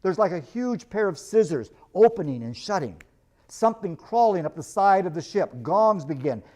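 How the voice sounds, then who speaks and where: Male lecturer, lively storyteller reading passages aloud, voice sits a little high. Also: moderate pace.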